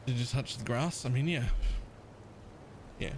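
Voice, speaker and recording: A man's voice: mid-range voice, measured pace, slight background noise, low-quality recording. A man with a partly Australian accent, chatting casually as a live streamer, rambling, laughing often and swearing.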